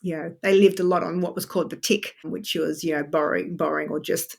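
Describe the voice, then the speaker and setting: A woman author, a podcast guest, explaining history in a chatty, animated way with frequent asides. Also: on the low side, fast talker, vocal fry, husky. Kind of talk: podcast interview.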